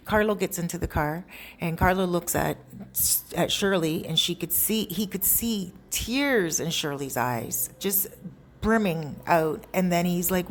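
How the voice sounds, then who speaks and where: A woman telling a story in a casual, animated, conversational way with chatty asides. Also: on the low side, unhurried, slight background noise.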